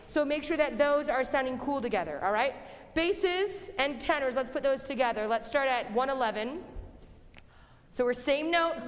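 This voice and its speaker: Young woman choir director, high voice, encouraging, reverberant rehearsal hall. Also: expressive. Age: young adult. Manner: brisk and encouraging, sings example phrases. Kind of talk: rehearsal instruction. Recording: long hall reverb, faint music.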